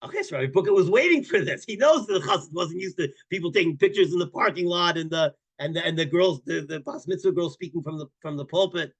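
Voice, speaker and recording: A man, a rabbi teaching a Torah class, telling stories in an animated way, repeating words and bursting into loud emphasis. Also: sits high, quick pace, hardly any pauses.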